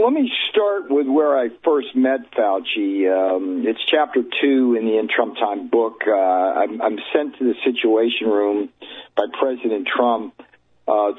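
A husky man speaks as a guest author over a thin, tinny telephone line. He tells his account emphatically and combatively, landing each point hard. The sound is dry and close. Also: on the low side, dry recording. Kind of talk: phone-in interview.

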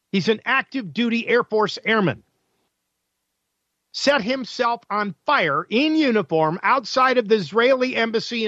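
A man's voice: sits high, fairly bright tone, no echo, highs cut off. A male talk radio host delivering an opinionated, combative monologue full of sarcasm and rhetorical questions.

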